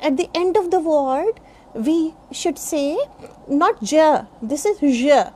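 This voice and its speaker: A middle-aged woman from India teaching pronunciation, spelling each word out letter by letter in a deliberate way. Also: sits high, a little mellow. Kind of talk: pronunciation lesson.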